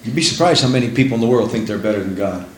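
A man's voice: medium pitch, lively intonation, racing, a little hiss or hum. Emphatic preacher man in a roomy space. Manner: emphatic, repeats phrases for effect. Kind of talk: sermon. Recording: roomy echo.

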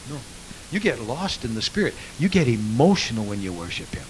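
A man preaching a sermon as pastor, swinging between hushed asides and loud, rapid build-ups. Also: medium pitch, sing-song, a little hiss or hum, low-quality recording.

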